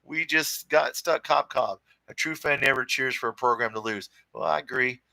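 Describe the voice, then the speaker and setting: A fired-up man hosts a fan livestream from home, reading comments aloud and firing back in blunt, profane talk. His voice is bright and forceful, recorded dry and close with no room around it. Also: mid-range voice, normal speed, creaky, no room sound, poor audio. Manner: blunt, profane and fired-up, calls people brother and dude. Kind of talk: casual livestream chat reading viewer comments.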